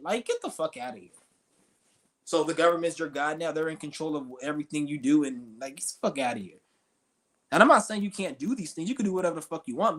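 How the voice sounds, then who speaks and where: Streamer guy going off on a rant, cussing and insulting everybody, kinda high voice. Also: a bit bright. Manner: profane, confrontational, insulting. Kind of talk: ranting monologue.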